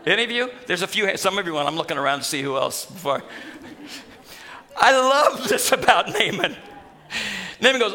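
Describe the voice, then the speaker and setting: A man preaching a sermon, telling a scripture story with animated humor. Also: high-pitched, moderate pace, long pauses. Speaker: pastor.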